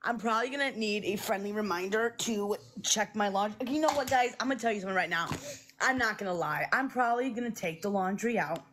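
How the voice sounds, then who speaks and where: A woman's voice: medium pitch, quick pace, a bit bright, a little hiss or hum. A woman vlogger improvising a playful skit, rambling and putting on a mock-official tone.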